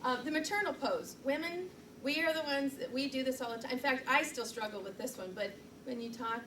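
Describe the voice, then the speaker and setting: A woman's voice: sits high, fairly quick, fairly bright tone, a little hiss or hum. Chatty woman trainer, distant roomy recording. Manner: chatty, self-deprecating, laughs often. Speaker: public speaking trainer. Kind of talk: live training presentation. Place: meeting room, recorded from the back. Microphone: far camera mic.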